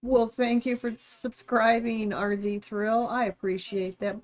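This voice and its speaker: A woman's voice: on the high side, fairly even intonation, unhurried, few pauses. A woman chatting casually with viewers on a live stream while crafting, thanking them and reading chat. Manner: chatty, thanks viewers warmly, gets emotional and teary. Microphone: streaming setup, not phone.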